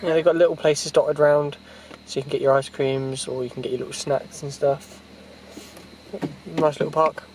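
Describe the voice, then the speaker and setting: A man chatting casually into a handheld camera for a vlog, relaxed and recommending a park. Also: a little high, moderate pace, slight background noise, rough recording. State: a little out of breath. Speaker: vlogger. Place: hilly park path, then a parked car.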